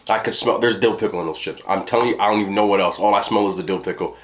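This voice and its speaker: Very fast and a bit bright, his voice is on the low side. The young man is a food vlogger chatting to viewers in a cooking and mukbang vlog, loaded with slang and asides, and he calls them y'all and bro.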